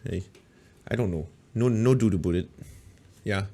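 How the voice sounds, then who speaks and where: A man's voice: sits low, normal speed, gravelly, dark tone. A man with a Canadian accent hosting a live commentary stream, sarcastic and profane, with many filler sounds. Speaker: host.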